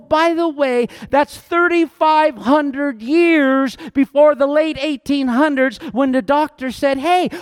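Guy preaching a sermon, pretty high voice, lively, does little voices for quotes, dry close sound. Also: dry recording. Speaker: pastor.

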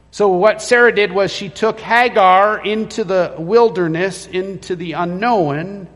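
High-voiced pastor preaching in a reverberant church. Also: male voice, a bit bright. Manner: storytelling, acting out the quoted lines. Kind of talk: sermon. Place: church sanctuary.

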